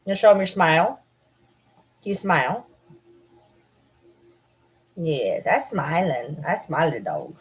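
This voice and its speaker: A woman's voice: deep voice, big pitch swings, measured pace, pauses often, husky, rough recording. A woman at home chatting casually, often cooing baby talk to her pets.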